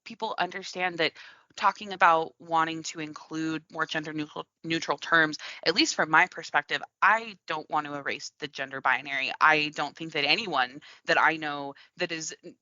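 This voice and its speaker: A woman with a low, bright-toned voice talks earnestly and reflectively on a podcast, often restarting her sentences. The recording is dull and lo-fi, with a dry sound. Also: no room sound. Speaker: podcast co-host. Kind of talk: casual podcast chat.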